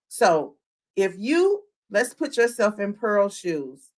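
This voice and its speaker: A woman's voice: mid-range voice, takes it slowly. Chatty woman recapping a show live. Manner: animated, talks to the chat, acts out quotes. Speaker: podcast host.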